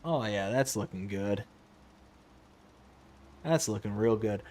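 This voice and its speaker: Playing a farming game live, this man talks casually to his chat, responding to messages with frequent laughter and an animated manner. He has a lowish voice and takes things slowly.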